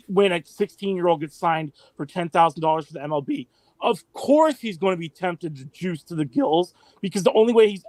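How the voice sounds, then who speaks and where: A man's voice: high-pitched, dry recording. A man co-hosting a podcast, chatting casually and joking at his own expense.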